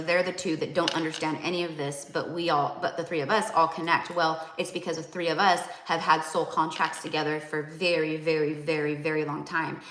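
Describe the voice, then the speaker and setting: A woman's voice: low voice, bright, forceful tone, echoey room. A young woman and psychic tarot reader, talking casually and rambling with many fillers and restarts. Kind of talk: casual spiritual talk to viewers.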